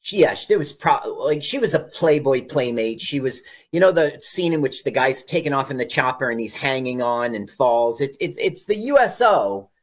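Male radio co-host, animated delivery, rambling casual film chat, quick to laugh. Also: mid-range voice. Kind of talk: casual movie commentary.

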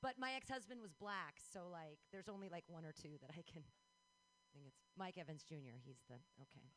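A woman comic hosting a small comedy night, her voice bright and forceful. She delivers her set bluntly, with a brash deadpan edge. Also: on the low side, normal speed, slight background noise, rough recording. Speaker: comedy show host and comedian.

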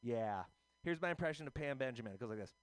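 A man's voice: medium pitch, lively intonation, fast, dry recording. A man hosting a loose comedic radio show, joking and rambling as he sets up bits and impressions. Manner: joking, rambling, doing silly voices.

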